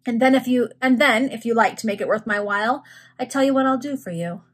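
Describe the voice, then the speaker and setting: A woman's voice: fairly high pitch, a little fast, lightly acted. A woman reading aloud, voicing a cool, menacing male villain who robs graves. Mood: scheming. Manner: menacing, growling.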